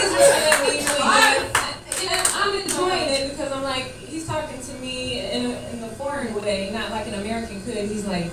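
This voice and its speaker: A woman doing a stand-up comedy set at an open mic, brash and joking, often laughing at her own lines. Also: a little high. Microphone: stage microphone, heard from far in the room. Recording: echoey club from far off, loud room noise.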